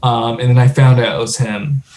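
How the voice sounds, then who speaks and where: This young male podcast co-host has a mid-range, slightly mellow voice with fairly even intonation at normal speed. His casual chat wanders through rambling stories, with plenty of fillers and false starts.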